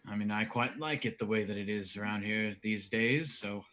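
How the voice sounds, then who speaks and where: A man voicing a laid-back middle-aged ship captain in a tabletop game, talking in a low, confiding, unhurried way. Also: pushed and bright. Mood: frank.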